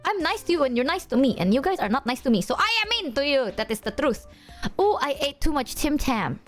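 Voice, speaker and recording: Give me a young woman streamer with a high voice that leaps all over, chatting casually with her viewers. She is bubbly, laughs a lot and curses without a second thought. Faint music plays behind her. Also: sing-song, quick pace. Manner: bubbly, swears freely, laughs often.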